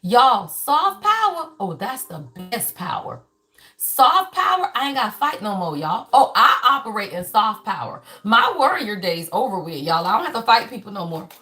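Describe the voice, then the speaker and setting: A woman in her fifties, a spiritual reader and life coach, delivers a reading to her viewers in a mid-range voice with big pitch swings and a sharp edge. She talks at a moderate pace with few pauses, preachy and emphatic, swearing freely and repeating phrases for her audience.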